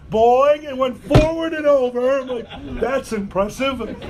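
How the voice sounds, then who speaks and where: A young man with a very high voice hosts a convention panel in front of a crowd. He talks slowly and tells his story loudly, laughing and shouting at the best parts. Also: slight background noise. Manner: loud animated storyteller, laughs through punchlines. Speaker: panel host.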